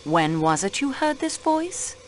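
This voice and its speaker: A polite French investigator. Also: female voice, mid-range voice, sing-song, a little slow, slight background noise. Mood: composed. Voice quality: formal, composed, courteous. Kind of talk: video game voice acting.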